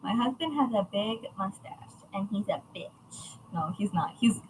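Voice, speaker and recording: A woman's voice: medium pitch, lively intonation, measured pace, a little hiss or hum, low-quality recording. A woman chatting casually on a livestream about her craft shop, chatty, profane and self-mocking.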